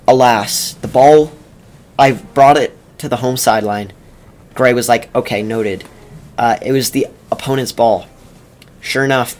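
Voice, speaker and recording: A young man telling a casual story over gameplay commentary, rambling and wry, with many pauses and self-corrections. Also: mid-range voice, darkish tone. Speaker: video creator.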